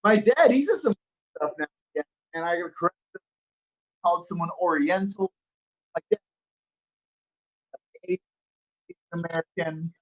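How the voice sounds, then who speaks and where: A young man from Los Angeles doing a stand-up comedy set, upbeat and self-mocking, with deadpan punchlines. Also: high voice, a little slow, pauses often, rough recording. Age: young adult.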